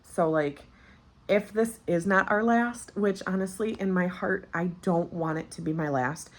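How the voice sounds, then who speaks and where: A woman's voice: lowish voice, measured pace. A woman in her thirties telling a personal story as a vlogger, candid and chatty, with many fillers, recently postpartum. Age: 30s. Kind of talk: casual storytelling.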